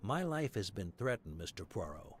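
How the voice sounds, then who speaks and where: A man's voice: on the low side, very animated, moderate pace, a little hiss or hum. An actor playing a pushy, wealthy middle-aged businessman, blunt in a game. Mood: insistent. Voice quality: blunt, pressing.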